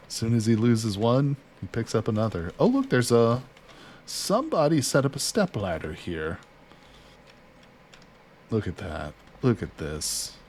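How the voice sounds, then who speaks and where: A man with a lowish voice talking through a survival game in a loose, chatty way. He narrates his moves and talks to his character as he goes. Faint background noise sits under his voice. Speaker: gaming streamer. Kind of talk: casual let's-play commentary.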